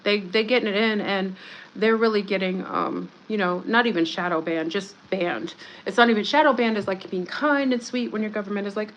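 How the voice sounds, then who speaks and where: A woman's voice: medium pitch, brisk, muffled recording. A woman hosting a casual livestream, rambling in a conspiratorial, joking way and greeting viewers by name. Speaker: livestream host.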